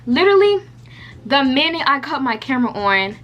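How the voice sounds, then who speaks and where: A woman's voice: high voice, big pitch swings, moderate pace, dull audio. A young woman vlogger telling a storytime casually, chatty and candid with lots of fillers and some swearing. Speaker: beauty vlogger.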